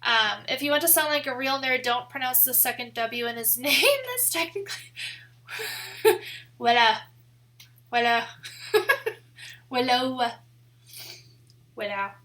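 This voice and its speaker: Midwest girl chatting on stream, kinda high and bright, says like a lot, laughs easy. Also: moderate pace. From American Midwest. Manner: chatty and rambling, heavy use of "like", laughs often. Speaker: photography streamer. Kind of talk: casual live-stream chat.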